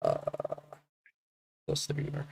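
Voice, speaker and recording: A man's voice: slow, darkish tone, slight background noise. A man streaming, reading chat messages aloud in casual commentary, hesitant and anxious, with casual swearing.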